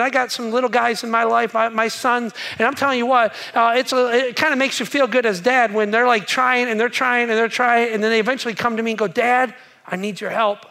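A man in his thirties preaching a sermon in a church auditorium, repeating lines and swinging from hushed to shouted. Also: very high-pitched, vocal fry. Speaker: pastor.

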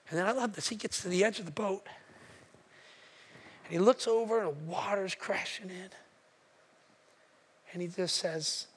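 A man preaching a sermon with emphatic repetition, dropping to a hush for quoted words. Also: sits high, a little slow, long pauses, slightly rough. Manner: emphatic, repeats phrases, drops to hushed tones for quotes. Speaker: pastor.

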